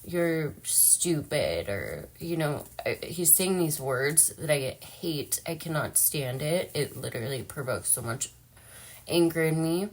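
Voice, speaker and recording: A woman's voice: sits low, lively intonation, unhurried. A young woman talking casually and emotionally in a personal vlog, chatty and full of fillers. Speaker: vlogger.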